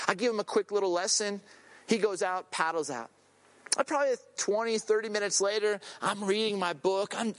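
A middle-aged man preaching as a guest pastor, telling personal stories in an animated way and acting out the voices of the people in them. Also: high voice. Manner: animated storyteller, acts out voices in quotes.

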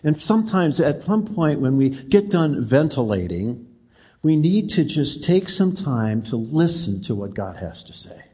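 A man's voice: fairly high pitch, sing-song, a little slow, dark tone, husky. A middle-aged man preaching a sermon as a pastor, in a conversational, personal and direct manner.

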